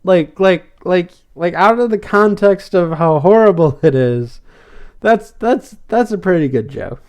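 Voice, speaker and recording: A man's voice: high-pitched, animated, a little slow, darkish tone. Rambling man recapping a cartoon episode. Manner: rambling, repeats fillers. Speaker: podcast host.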